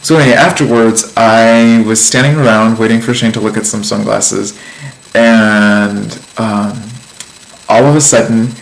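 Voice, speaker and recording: A man's voice: on the low side, vocal fry, low-quality recording. A man giving a casual vlog life update, telling a story in a chatty, meandering way with lots of ums and likes. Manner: amused storytelling. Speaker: vlogger.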